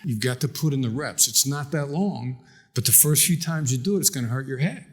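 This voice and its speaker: A man's voice: mid-range voice, a little fast. A man speaking on a conference stage, coaching the audience and asking them direct questions. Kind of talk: motivational conference talk.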